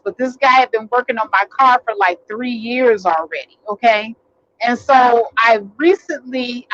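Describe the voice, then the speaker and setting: A woman's voice: a little high, a bit bright, dry recording, lo-fi sound. A woman vlogger telling a personal story in a casual, rambling way, full of fillers and restarts, recorded in a vehicle.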